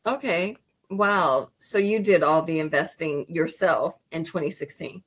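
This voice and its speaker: A woman's voice: low-pitched, unhurried, husky. A woman hosting an interview over a video call, asking short questions and affirming answers. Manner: friendly, affirming, brief prompts. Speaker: host.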